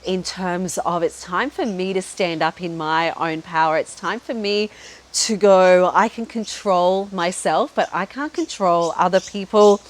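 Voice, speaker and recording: A woman's voice: on the low side, a little slow. A middle-aged woman hosting a podcast, telling a personal story in a chatty, frank way, full of "like" and "you know", now and then swearing. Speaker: podcast host.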